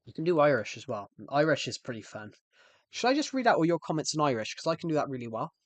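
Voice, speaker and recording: A chatty young man with a British accent who rambles to his stream chat and corrects himself as he goes. His voice sits slightly high and sounds dry and close to the mic. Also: very animated, fast talker, no echo. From United Kingdom. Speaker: game streamer. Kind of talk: casual live-stream chat.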